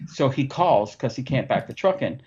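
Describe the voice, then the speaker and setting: A man's voice: medium pitch, normal speed, breathy edge, muffled recording. A man hosting a podcast, telling stories in casual, profane chat. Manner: profane, animated storyteller. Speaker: podcast host.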